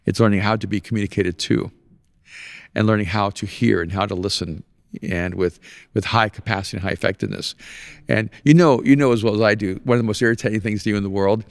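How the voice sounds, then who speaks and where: A low, gravelly male podcast host chatting casually and telling lively stories, often breaking into laughter at his own anecdotes. He is recorded close and dry on a podcast mic. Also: fast talker, no room sound. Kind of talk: casual conversation.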